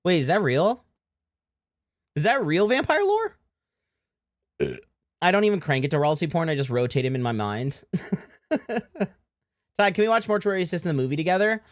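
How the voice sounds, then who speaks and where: A man's voice: sits high, sing-song, normal speed, pauses often, dry recording, clean studio sound. A man streaming live, joking crudely and reacting to clips with chat.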